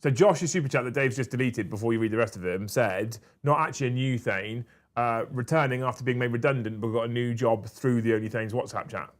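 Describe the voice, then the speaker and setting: A man's voice: medium pitch, brisk. A man from England co-hosting a casual livestream, reading out chat messages with a brash, teasing manner and frequent swearing. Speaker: co-host reading live chat.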